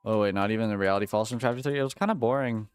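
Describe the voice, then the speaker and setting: A man's voice: fairly low pitch, racing, clean tone, no room sound, soft background music. A man streaming while he plays a game, chatting casually with his viewers in a joking, slangy way. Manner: joking, slangy, talks to chat. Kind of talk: casual live-stream chat while gaming.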